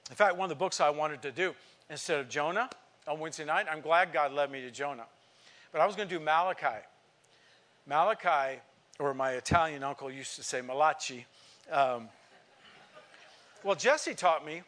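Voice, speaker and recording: A man's voice: on the high side, moderate pace, pauses often, fairly bright tone. A man preaching a sermon to a congregation, emphatic and asking rhetorical questions. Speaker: pastor.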